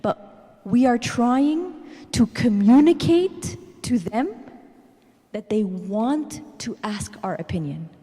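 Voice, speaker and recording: Animated woman telling parenting stories. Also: on the high side, takes it slowly, breathy edge. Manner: animated storytelling, tags lines with "okay?". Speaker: speaker at a church parenting talk. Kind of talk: parenting talk with personal stories. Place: church hall. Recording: reverberant church hall.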